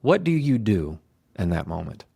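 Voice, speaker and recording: A man talks straight to his listeners like a coach, leaning hard on key words and letting his voice swing up and back down. His voice sits a little low. The sound is dry and close, with no room around it. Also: normal speed, gravelly, breathy edge, no room sound. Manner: emphatic, coaching tone with lively ups and downs. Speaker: podcast host. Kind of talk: conversational advice talk.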